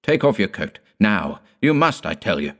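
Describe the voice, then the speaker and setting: A man's voice: lowish voice, lively intonation, normal speed, pitched above the performer's own voice, lightly acted. A man reading a grave anxious son, raised voice, insistent, storybook tale. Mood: urgent. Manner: solemn, urgent. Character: grown son, solemn and fearful.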